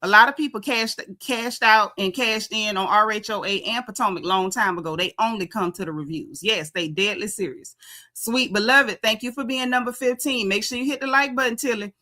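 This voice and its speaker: Bright-voiced sassy woman livestream host. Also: mid-range voice, a little fast. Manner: greets viewers by name, chatty and sassy. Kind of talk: casual live chat recap.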